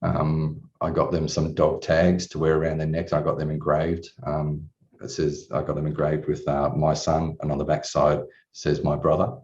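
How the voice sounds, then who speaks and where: A man's voice: rumbling low, monotone, normal speed, a little mellow. A man in his forties telling his personal story as a coaching client, candid and rambling, with casual swearing. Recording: distant, dull room recording.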